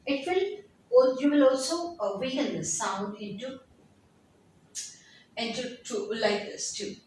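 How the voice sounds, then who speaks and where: A woman teaching an English lesson, repeating example sentences slowly and often restarting. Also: on the high side, a little mellow, a little hiss or hum. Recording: very echoey room, distant from mic.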